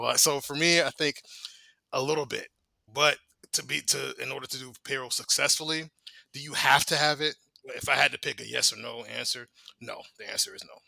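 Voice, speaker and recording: Gravelly, thoughtful man co-host. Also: mid-range voice, sharp tone, no echo. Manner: thoughtful, hesitant. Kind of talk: casual podcast chat.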